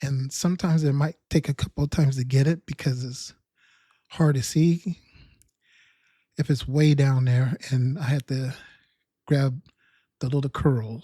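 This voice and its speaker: A man's voice: medium pitch, mellow, no echo, clean studio sound. A man telling a rambling, self-mocking comic story about his own experience. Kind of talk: humorous personal storytelling.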